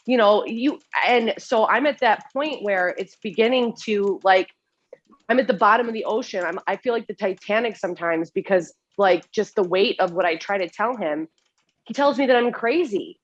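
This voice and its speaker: A woman's voice: mid-range voice, moderate pace, muffled recording. A woman on a video call, talking in a rambling, apologetic way with lots of restarts, getting emotional. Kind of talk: emotional casual conversation. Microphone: computer mic on a video call.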